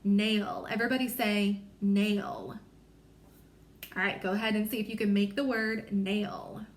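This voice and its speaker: A woman reading teacher leading a small-group phonics lesson, sounding out letters slowly and carefully, encouraging and apologetic. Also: mid-range voice, fairly even intonation, roomy sound.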